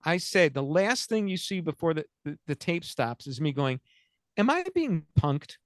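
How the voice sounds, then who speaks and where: A man with a fairly high voice tells a long anecdote. He stops and restarts, stumbles over words and laughs at his own punchlines. The recording is close and dry. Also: moderate pace, dry recording. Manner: rambling, self-interrupting, laughs through punchlines. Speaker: podcast host. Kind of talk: casual storytelling chat.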